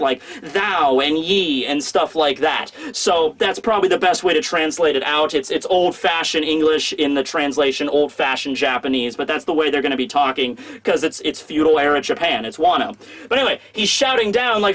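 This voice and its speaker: A man's voice: on the high side, a bit bright. A man reviewing a manga chapter in an enthusiastic, rambling way with many fillers.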